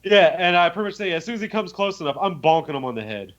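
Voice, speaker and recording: Animated swearing guy with a higher voice. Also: fast. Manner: animated, profane storytelling with many fillers. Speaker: podcast co-host. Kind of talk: casual chat, retelling a tabletop game. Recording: muffled lo-fi audio.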